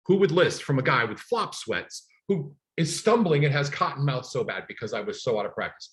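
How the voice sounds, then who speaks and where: A man's voice: medium pitch, a little fast, hardly any pauses. A middle-aged man teaching a class for real estate agents, talking emphatically and telling stories from his own work. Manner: energetic, emphatic coaching with personal stories.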